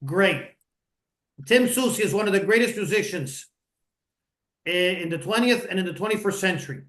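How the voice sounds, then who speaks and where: A man hosting a music interview, with a fairly high voice and a formal, effusive way of introducing his guest. His voice rings out in an echoey room. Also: expressive, moderate pace, fairly bright tone. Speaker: host. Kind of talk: radio interview. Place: home studio in Miami.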